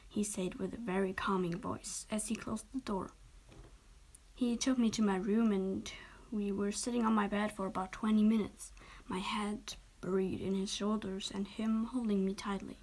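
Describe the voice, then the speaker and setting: Young woman narrator; soft, whispered role-play reading. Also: mid-range voice, steady tone, normal speed. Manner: soft, often whispered, occasional stumbles. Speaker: story reader.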